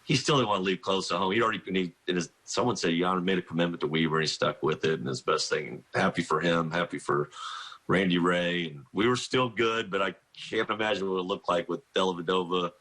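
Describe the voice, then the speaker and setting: A man's voice: low-pitched, quick pace, a bit bright. A middle-aged man, a college basketball coach, telling rambling anecdotes in a radio interview, often restarting sentences and laughing. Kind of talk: phone-in radio interview, storytelling.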